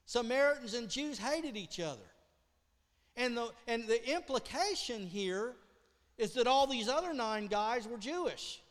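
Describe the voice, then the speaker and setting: Man preaching, high voice, animated storyteller, acts out voices, swings from shouting to hush, long church-hall reverb. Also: unhurried. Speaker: pastor. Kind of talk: sermon.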